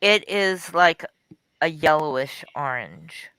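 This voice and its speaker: A woman's voice: sits low, slow, fairly bright tone, clean tone, dry recording. A woman chatting on a video call, teasing and laughing often as she shows her digital art. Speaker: digital artist sharing her work. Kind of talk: casual chat on a call.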